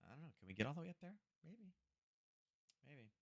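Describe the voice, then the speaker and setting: A man's voice: on the high side, big pitch swings, very fast. A man hosting a casual live trading stream, thinking aloud and tagging his points with "right?" while chatting to viewers by name. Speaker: trading livestream host. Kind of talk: casual live market commentary.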